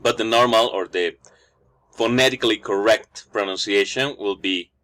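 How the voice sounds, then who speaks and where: A man whose first language is Spanish leads a phonetics lesson, explaining each sound and repeating the example words. His voice sits a little low but comes out bright and forceful. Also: moderate pace. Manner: explanatory, repeats each word after the audio. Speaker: English pronunciation teacher.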